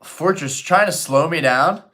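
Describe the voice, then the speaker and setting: Reading chat aloud during his live stream, this young adult male host talks in a relaxed, profane way. His voice sits fairly high and he keeps a measured pace.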